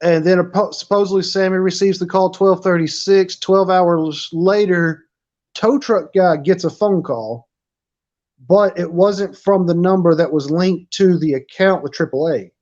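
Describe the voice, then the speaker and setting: A man's voice: sits high, measured pace, darkish tone. A man on a casual livestream panel, laying out a timeline and theorizing. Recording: dull, lo-fi call audio.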